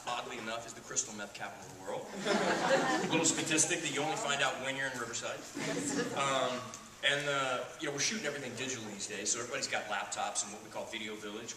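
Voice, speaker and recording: A man from Texas, a guest actor at a convention Q&A, telling a story in a lively, profane way with frequent laughter. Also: mid-range voice. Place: convention panel room. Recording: echoey hall, distant mic, noisy.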